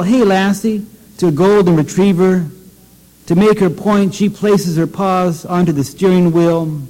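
A man giving a poetry reading, wry and measured, with offhand asides between poems. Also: high voice, a little mellow. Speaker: poet. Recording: long hall reverb.

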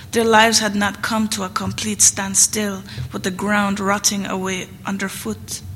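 A woman reads literary fiction aloud in a steady, restrained narration with a flat melody and a gravelly fry. The recording has a long reverb and a faint hiss behind it. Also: medium pitch. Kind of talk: audiobook reading of literary fiction. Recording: reverberant room, faint background noise.

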